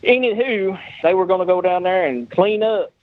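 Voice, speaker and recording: A man's voice: high-pitched, normal speed, dry recording, phone-quality sound. A man telling a long anecdote in casual chat, acting out the dialogue of the people in it. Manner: animated anecdote teller acting out quoted dialogue. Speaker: guest, custom car builder. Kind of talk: casual storytelling.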